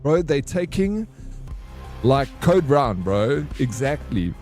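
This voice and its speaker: A man's voice: medium pitch, sing-song, takes it slowly, darkish tone, soft background music. A man livestreaming, telling a story in a loose, slangy way, swearing and saying "bro" often while he greets his chat.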